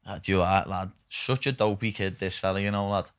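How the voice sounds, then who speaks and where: A young Liverpool man talks at a brisk, tumbling pace in a lowish voice. He hosts a casual podcast chat and rambles through stories, with "lad" and swearing in almost every breath. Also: steady tone, a bit bright, smooth. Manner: rapid, rambling storytelling with constant "lad" and swearing. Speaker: podcast host.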